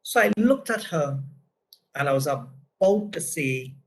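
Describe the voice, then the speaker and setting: In a low-quality recording, a man with a Trinidadian accent delivers a business lesson in a fairly high, sing-song voice that runs a little slow. He leans on casual anecdotes and keeps things conversational, frequently ending points with "right?"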